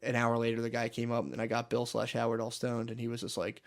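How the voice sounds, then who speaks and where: A man's voice: mid-range voice, monotone, fast, hardly any pauses. A man co-hosting a podcast, telling a rambling, profane story in casual chat. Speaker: podcast co-host.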